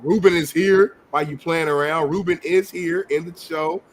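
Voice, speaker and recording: Male co-host, teasing banter, slightly high voice, faint background noise. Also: fairly even intonation, normal speed. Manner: teasing banter, greets the live chat. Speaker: podcast co-host. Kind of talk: casual chat.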